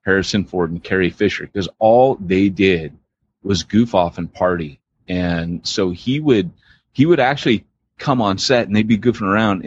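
A man's voice: lowish voice, breathy edge, muffled recording. A man co-hosting a podcast, telling long rambling stories in casual chat with many restarts. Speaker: podcast co-host.

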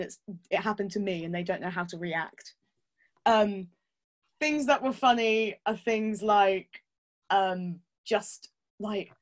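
Candid, laughing woman. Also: mid-range voice. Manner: candid, laughs often, swears casually. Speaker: podcast guest. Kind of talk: casual chat.

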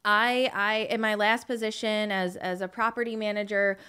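A woman co-hosts a podcast in a casual chat. Her voice sits at a middle pitch and sounds smooth and clear. She lays out her thoughts in an earnest, reflective way. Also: little pitch movement, moderate pace, sharp tone. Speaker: podcast co-host, real estate agent, former property manager.

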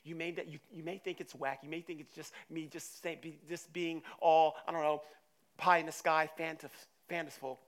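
A male pastor preaches with a high, bright voice. His delivery is animated and casual, rising to loud bursts and dropping to hushed asides. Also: normal speed. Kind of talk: sermon.

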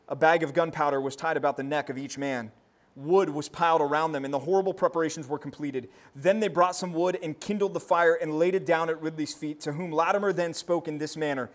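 High-voiced male pastor, lively preaching. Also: fast. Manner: animated preaching, voice rising to near shouting when quoting. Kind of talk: sermon.

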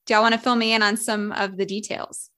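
A woman's voice: mid-range voice, level tone, quick pace, fairly bright tone. A woman co-hosting a casual podcast chat, a little giggly. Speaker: podcast co-host.

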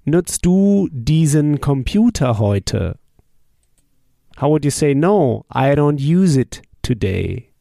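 A man teaching a language drill lesson. He asks a question, then answers it and repeats the phrases slowly and patiently. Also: fairly high pitch, big pitch swings, gravelly, warm tone, no echo, clean studio sound. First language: German.

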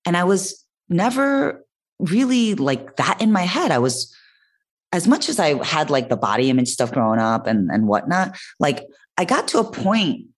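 A young woman telling a personal story in a casual podcast chat, expressive and animated. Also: very deep voice, moderate pace, breathy edge. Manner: expressive, animated, swearing and laughing. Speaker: podcast guest.

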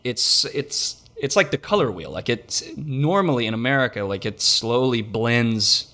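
A man hosting a podcast, talking in a rambling, animated way with lots of fillers. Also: medium pitch, unhurried. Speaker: podcast host. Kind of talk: casual chat.

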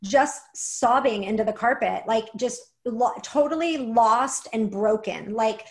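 A young adult woman, a guest and author, telling a personal story earnestly with many "like" fillers. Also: a little high. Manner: earnest, fast, lots of "like" fillers.

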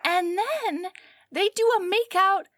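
A woman co-hosting a casual chat, giggly and animated as she recaps a story and playfully voices its characters. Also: very high voice, takes it slowly, no room sound, clean studio sound. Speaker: podcast co-host.

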